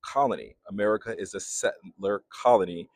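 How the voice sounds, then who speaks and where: A man's voice: on the low side, brisk, darkish tone, no echo. A man giving emphatic, lecturing commentary in reaction to a video clip.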